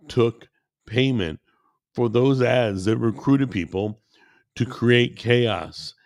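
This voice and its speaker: A man's voice: lowish voice, creaky, darkish tone, dry recording, studio quality. A man giving a heated political rant to his listeners, worked up and repeating himself. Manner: worked up, repetitive, addresses listeners as guys. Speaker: commentator.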